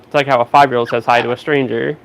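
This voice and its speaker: A man's voice: medium pitch, level tone, fast talker, vocal fry, a little hiss or hum, rough recording. A young man chatting casually at home as a vlogger, laid-back, sometimes spelling words out letter by letter. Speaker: vlogger and parrot owner. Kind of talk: casual chat to camera.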